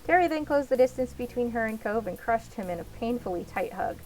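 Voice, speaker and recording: A woman's voice: fairly high pitch, expressive, a little fast, hardly any pauses, a little mellow, faint music behind, low-quality recording. A woman reading a visual novel aloud as a let's play narrator, in the second person.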